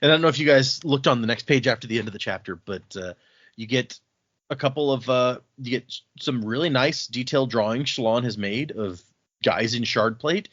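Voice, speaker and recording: A man's voice: medium pitch, fairly quick, a bit bright, no room sound. Chatty male podcast host, dull dry audio. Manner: chatty recap, frequent fillers. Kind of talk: casual book discussion.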